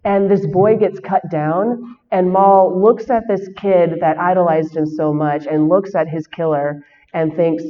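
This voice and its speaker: A woman speaking at a convention panel, excitable and quick to laugh, with many fillers. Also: medium pitch, in a large hall, highs cut off. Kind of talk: enthusiastic fan talk.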